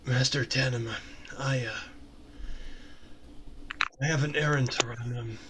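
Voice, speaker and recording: A man voicing a modest warrior mentor in a low, halting, plain-spoken way for a tabletop game. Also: steady tone, noisy background, close to an everyday voice.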